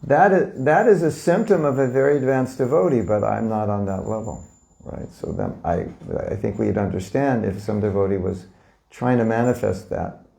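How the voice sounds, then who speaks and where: A man who is a spiritual teacher gives an informal lecture to a live audience, talking conversationally, often questioning them and acting out little scenes. His voice is fairly low, gravelly and mellow at normal speed.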